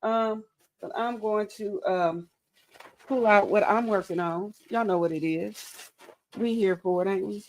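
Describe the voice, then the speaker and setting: A woman's voice: mid-range voice, unhurried. A tired, goofy woman hosting a casual crochet livestream, giggling often as she greets viewers and reads chat aloud. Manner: goofy, playful, self-mocking.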